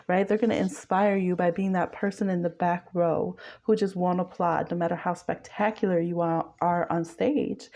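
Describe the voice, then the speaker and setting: A woman giving a casual spoken tarot reading, chatty and quick, who laughs often. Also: mid-range voice, dark tone. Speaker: tarot reader.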